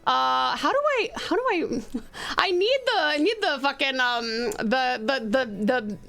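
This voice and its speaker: An Australian woman streamer narrates a community game and banters with her chat. Her voice sits high, and she giggles often and swears casually. Soft music plays faintly beneath her. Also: animated, a little slow, vocal fry. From Australia (Tasmania).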